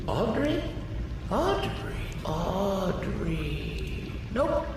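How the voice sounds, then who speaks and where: An actor playing a polite, whimsical male game character with a gentle, soft-spoken manner. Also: high voice, very animated, very slow, heavily acted. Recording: very echoey, distant, noisy game audio.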